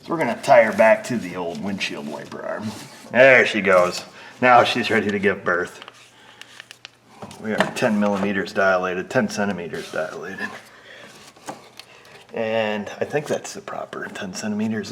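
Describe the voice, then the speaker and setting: A man's voice: lowish voice, normal speed, fairly bright tone, a little hiss or hum. A man working as a mechanic, rambling and joking to himself as he talks through a repair in his shop, sometimes dropping to a whisper up close. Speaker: auto mechanic. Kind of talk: casual work narration. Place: auto repair shop bay.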